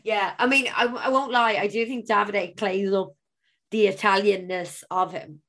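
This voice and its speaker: A woman's voice: medium pitch, fairly even intonation, normal speed, a bit bright. A woman co-hosting a podcast, chatting casually, teasing her friend, laughing often and swearing now and then. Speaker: podcast co-host. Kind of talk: casual chat.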